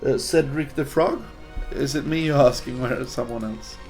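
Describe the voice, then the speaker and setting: A man's voice: mid-range voice, moderate pace, darkish tone, soft background music. A man from Sweden, a native Swedish speaker, casting a game in English in a chatty, hesitant way while answering viewer chat. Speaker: game caster. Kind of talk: casual live-stream game commentary.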